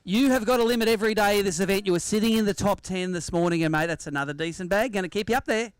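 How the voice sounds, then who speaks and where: This Australian man's high voice is very fast, clear, and resonant, with no echo, as he emcees a live weigh-in at a sailing club outdoors. He keeps up a stream of event commentary, chatting with the fishermen and poking fun at them.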